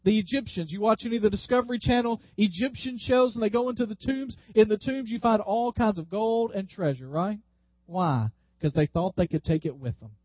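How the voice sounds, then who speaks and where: In a sermon recorded dry and a little dull, like a modest church recording, a pastor with a high tenor voice stretches and slows his words to hammer home each point. He calls on the congregation to repeat lines back to him in call-and-response.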